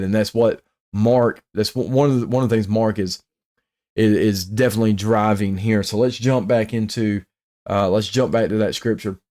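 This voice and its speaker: A man's voice: on the low side, warm tone. A male pastor teaching a bible study in an earnest way, often repeating and restarting his words.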